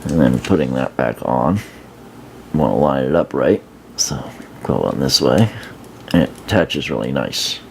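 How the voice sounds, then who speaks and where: Casual toy reviewer, man, low voice with a gravelly edge, loose and rambling. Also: unhurried, long pauses, slight background noise. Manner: relaxed, rambling, many fillers and restarts. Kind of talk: casual hands-on product review.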